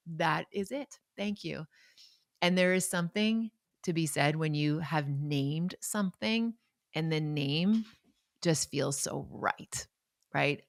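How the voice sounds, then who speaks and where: Woman, forties, deep voice, dry close recording, chatty solo podcast. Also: no room sound. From Canada. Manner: warm, chatty, digressive, with laughs. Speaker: podcast host and author. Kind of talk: casual solo podcast talk.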